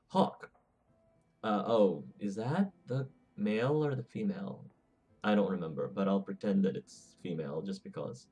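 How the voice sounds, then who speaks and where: A man casually commenting over a game he plays. His voice sits low, and he often stumbles and restarts mid-sentence in a chatty way. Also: huge pitch swings, a little slow, creaky, breathy edge. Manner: rambling, self-correcting, chatty. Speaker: let's play host.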